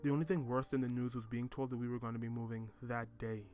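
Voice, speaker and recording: A man reading a first-person story in a measured, reflective way. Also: mid-range voice, level tone, a little mellow. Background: music.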